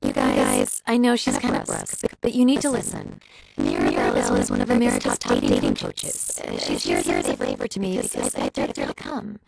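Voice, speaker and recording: Fed-up married woman, complaining, lively swooping voice, as a woman narrator puts her on. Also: very deep voice, normal speed, creaky, over loud music, pitched below the performer's own voice, full character voice. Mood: pleading.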